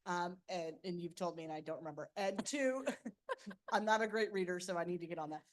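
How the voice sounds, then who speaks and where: A woman's voice: lowish voice, fairly quick. A woman in the audience asking a friendly, rambling question with many ums. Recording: Zoom capture of a room talk.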